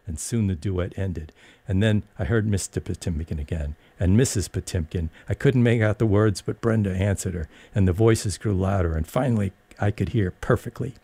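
A man reading a novel aloud as a narrator, in an expressive, measured manner. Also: sits low, slightly rough, no echo. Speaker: audiobook narrator. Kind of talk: scripted narration.

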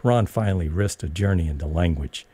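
A man reading a novel aloud as a narrator, in an expressive, measured manner. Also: low voice, slightly rough, no room sound. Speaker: audiobook narrator. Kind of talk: scripted narration.

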